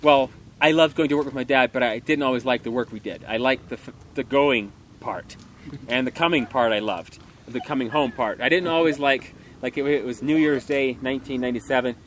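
Earnest man preaching loudly. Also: medium pitch, fairly quick, slight background noise. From Montana. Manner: earnest, emphatic, loud to carry in a room. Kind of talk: sermon.

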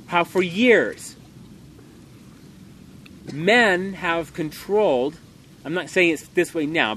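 A man delivering an earnest, emphatic sermon, speaking loudly so everyone can hear. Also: a little high, a little hiss or hum. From Montana. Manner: earnest, emphatic, loud to carry in a room. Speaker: preacher.

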